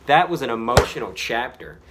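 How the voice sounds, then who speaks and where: A man's voice: medium pitch, lively intonation, a little fast, heavy background noise. A man reading his own story aloud, breaking off for self-mocking, casually profane commentary.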